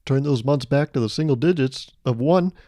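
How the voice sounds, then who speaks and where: A man's voice: mid-range voice, normal speed, warm tone, dry recording, clean studio sound. A man hosting a podcast, rambling through a playful comedic monologue full of self-amused asides. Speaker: podcast host.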